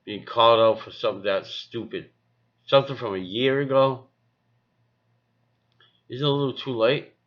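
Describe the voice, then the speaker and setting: A man's voice: mid-range voice, moderate pace, long pauses, dull audio. A man rambling in a casual vlog, repeating himself and talking to his cat and his viewers. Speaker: vlogger. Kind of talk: casual vlog talk to camera.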